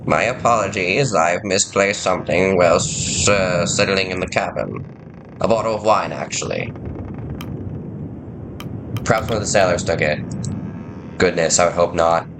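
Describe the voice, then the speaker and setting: A man's voice: sits low, moderate pace, long pauses, background noise. A man voicing a polite, flustered older male scientist who frets in a courteous, fussy way. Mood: fretful. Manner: polite, fretful.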